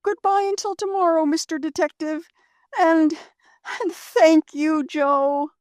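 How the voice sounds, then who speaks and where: A woman voicing a spirited, gay young shop girl in a storybook reading, with a bright, breathless, rising lilt. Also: very high-pitched, fairly even intonation, unhurried, no echo, studio quality, voice pushed up. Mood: eager.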